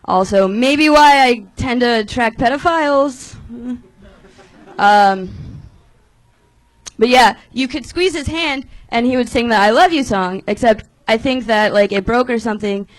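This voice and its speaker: Nervous lady doing standup, lots of ums, kinda high voice, dry sound. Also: a little slow, no room sound, rough recording. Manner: nervous, hesitant, filler-heavy. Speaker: stand-up comedian. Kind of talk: stand-up set. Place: live comedy club stage.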